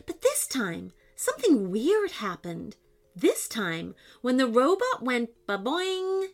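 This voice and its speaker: Woman, children's storyteller, unhurried, very expressive pitch, faint music behind. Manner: animated, expressive reading with sound effects.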